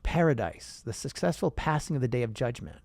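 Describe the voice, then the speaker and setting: A man hosting a casual monologue, animated and rhetorical, who addresses viewers directly and swears now and then. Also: medium pitch, fairly quick, no echo. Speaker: host.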